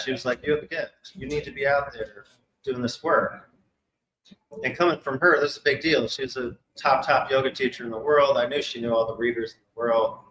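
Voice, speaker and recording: A man with a bright, forward voice tells an animated personal story to a live audience and slips into the voices of the people he quotes. He sounds like he is in a roomy hall with clear echo. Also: medium pitch. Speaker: psychic medium speaker. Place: expo hall.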